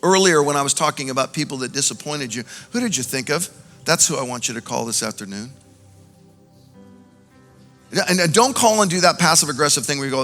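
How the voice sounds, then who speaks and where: A male pastor preaching a sermon, animated, swinging between loud exhortation and quiet, intimate moments. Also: fairly high pitch, normal speed, long pauses. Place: large church auditorium. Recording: music faintly under a long hall reverb.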